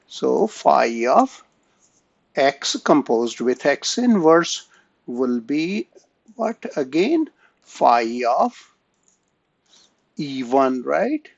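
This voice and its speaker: Male lecturer, slow and halting, lively pitch, gravelly edge, dull lo-fi recording. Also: no echo. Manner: slow, halting, frequent "right?" and "okay?" checks. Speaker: math lecturer. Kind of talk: online lecture.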